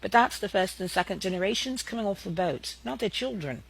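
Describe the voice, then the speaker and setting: A man's voice: high-pitched, expressive, brisk, vocal fry, fairly bright tone, slightly rough, poor audio. A man with a Southern American accent, from the American South, giving a confident, folksy explanatory monologue to camera. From Southern United States. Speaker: video creator.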